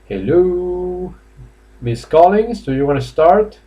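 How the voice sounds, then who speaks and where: A man's voice: high voice, lively intonation, slow pace, dark tone, dull audio. A man from Spain teaching English live online in a Spanish accent, chatty and coaxing, with lots of fillers and laughs. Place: classroom or office indoors.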